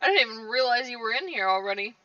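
A woman with a bright, high-leaning voice gives loose, playful commentary while gaming with friends, laughing easily. The sound is dry and a little dull, as if she sits back from the mic. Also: lively intonation, rapid-fire, no echo, far from the mic. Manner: laughs often, playful reactions. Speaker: gaming streamer. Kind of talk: casual gameplay commentary.

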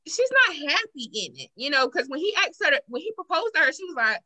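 A woman's voice: sits high, fast talker, hardly any pauses, poor audio. A woman podcast host in casual chat, retelling a show and acting out the quotes. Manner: animated storyteller, acts out quotes.

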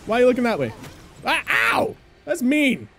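A young woman giving loud, excitable gameplay commentary, swearing and laughing often. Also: on the high side, normal speed, slight background noise. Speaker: gameplay streamer.

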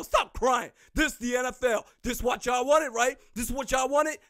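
High-voiced man ranting about football. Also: steady tone, moderate pace, hardly any pauses, no room sound, clean studio sound. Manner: fired-up, sarcastic, shouting at rival fans. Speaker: sports podcast host. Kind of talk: ranting sports commentary.

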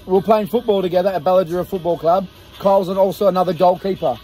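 A man's voice: high voice, steady tone, fast talker, warm tone, faint music behind. An Australian man in his thirties, filming a casual campsite vlog with mates, teasing and laughing a lot. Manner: jokey, teasing, laughs often. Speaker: vlogger. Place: campsite outdoors at night.

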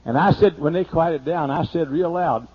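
A man pastor telling a humorous, folksy story during a sermon, slowing down to list items one by one. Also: on the high side, breathy edge. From United States. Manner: folksy and humorous, lists things slowly. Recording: muffled older sermon tape.

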